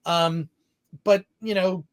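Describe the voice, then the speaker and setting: A man hosting a live-streamed podcast, with a voice that sits higher than most men's. He rambles along, reads viewer messages aloud and laughs easily at himself. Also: steady tone, slow. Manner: rambling, laughing, self-deprecating. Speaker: podcast host. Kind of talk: live-stream podcast chat, reading super chats.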